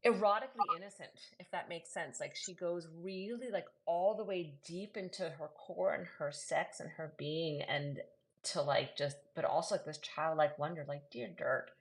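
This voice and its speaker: A lower-pitched woman poet who reads verse aloud and then talks animatedly, full of fillers and asides. She chats casually over a webcam mic on a live stream. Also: moderate pace, rough recording. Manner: animated, chatty, many fillers. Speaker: poet and co-host. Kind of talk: poetry reading and casual chat. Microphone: webcam or laptop mic on a live video.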